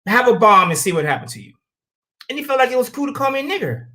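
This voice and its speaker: Very high-pitched and swinging wildly in pitch, the American host rattles along fast in a bright, forceful tone. He delivers a heated, profane opinion piece, bluntly ranting and acting out quotes as he tells stories.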